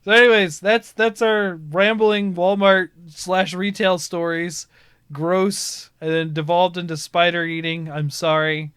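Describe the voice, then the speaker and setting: A man hosting a casual gaming podcast who tells rambling, animated stories and laughs often. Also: high-pitched, measured pace, smooth, no room sound, studio quality. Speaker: podcast host. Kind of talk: casual storytelling chat.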